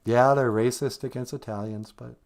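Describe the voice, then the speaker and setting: A man's voice: mid-range voice, fairly even intonation, moderate pace, darkish tone. A man hosting a live stream, chatting casually in a joking, rambling way and reading out viewer comments. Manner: joking, rambling, reads chat comments aloud.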